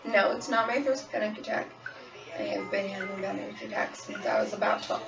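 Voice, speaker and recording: A young woman talks frankly to her phone camera in a personal vlog confession, her voice gravelly with a lot of fry. The recording is dull and lo-fi, she sits a little back from the mic, and a pop song plays clearly in the background. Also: medium pitch, sing-song, fairly quick, distant mic, over music. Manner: candid, frank, storytelling. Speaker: waitress sharing her experience. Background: pop song playing on repeat.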